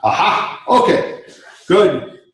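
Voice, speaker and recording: Lecturer muttering over gear in a classroom. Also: male voice, high voice, sing-song, slow pace. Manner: casual, muttering while he fiddles with gear. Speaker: college lecturer. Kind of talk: talking to himself while setting up class equipment. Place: college classroom. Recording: echoey classroom, voice far from mic.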